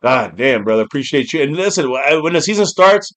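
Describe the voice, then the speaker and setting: A man with a somewhat high voice hosts a live football reaction stream. He talks in a loose, excitable way, swearing freely and breaking into shouts when a big play lands. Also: fairly quick. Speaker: watch party host.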